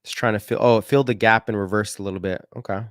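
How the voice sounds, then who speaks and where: A man with a lowish, steady voice races through casual market commentary, recorded cleanly in a studio with no echo. As host, he rambles over stock charts, corrects himself as he goes, and drops slangy asides.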